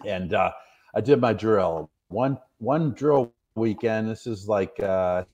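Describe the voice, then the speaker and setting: A middle-aged man from the northwestern United States sits for a casual interview and spins long, meandering stories. His voice sits slightly low. He talks in a relaxed, rambling way, full of fillers and quick apologies for going on. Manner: rambling, chatty, self-deprecating, many fillers. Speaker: interview guest, retired soldier.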